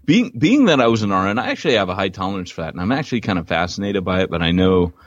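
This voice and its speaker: A man's voice: low-pitched, fast talker, no room sound, muffled recording. A middle-aged man co-hosting a podcast, chatting casually and teasing his partner with jokes. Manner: joking, teasing, lively storyteller. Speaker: podcast co-host. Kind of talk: casual chat.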